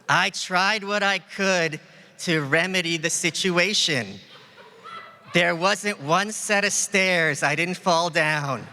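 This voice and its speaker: A man voicing an insulting, wisecracking male puppet dummy in a ventriloquist stage act, with a slow, mocking roast delivery. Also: high voice, bright, forceful tone, slight background noise, heavily acted. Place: large event hall on stage. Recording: reverberant hall, faint ambience.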